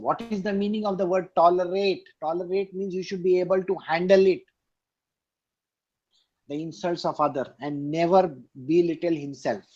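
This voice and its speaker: A man's voice: fairly high pitch, darkish tone, muffled recording. A man giving an emphatic scripture discourse over a video call, repeating key lines and asking his listeners questions. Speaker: spiritual teacher. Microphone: online video call.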